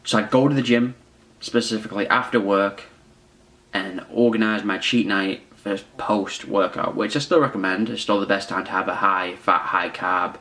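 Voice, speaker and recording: A man's voice: on the low side, steady tone, normal speed, pushed and bright. A young man in his twenties telling a personal story in a chatty, rambling, self-mocking way. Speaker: vlogger. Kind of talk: casual storytelling to camera.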